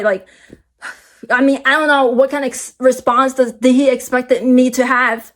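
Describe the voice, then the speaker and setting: A young woman recounts a story in a loose, rambling vlog style. Her voice sits a little high and is full of fillers and restarts. She swings into bursts of animated, high-pitched energy. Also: moderate pace. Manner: animated, jumps high when excited. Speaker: vlogger.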